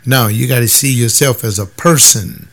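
A man's voice: medium pitch, moderate pace, fairly bright tone. An older man and former soldier, talking in a casual, emphatic monologue and now and then mimicking other people's voices. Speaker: former soldier sharing views.

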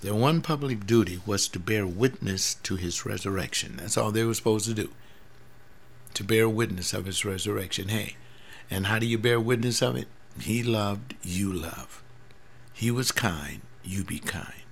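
Gravelly-voiced man in his seventies. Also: lowish voice, normal speed. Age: 70s. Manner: earnest, rambling, repeats words and restarts. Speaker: pastor. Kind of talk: personal spoken monologue.

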